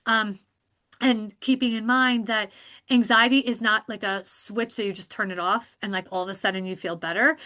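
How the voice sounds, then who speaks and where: Bright-sounding lady therapist explaining stuff on a podcast, laughs a lot. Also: fairly high pitch. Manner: warm, explanatory, laughs often. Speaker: psychologist guest. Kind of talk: podcast interview.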